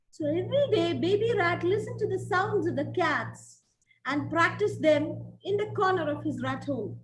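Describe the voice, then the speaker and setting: A woman lecturer giving a webinar, telling a story and speaking in a deliberate, emphatic way. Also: very high-pitched, expressive. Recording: echoey room with faint noise.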